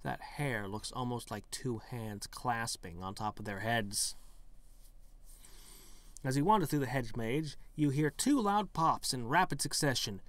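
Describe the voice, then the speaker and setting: A man's voice: medium pitch, no echo. A man hosting a gaming video, reading a text adventure aloud and breaking in with wry, joking asides. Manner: wry, joking asides between narrated passages. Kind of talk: reading a text game aloud with casual commentary.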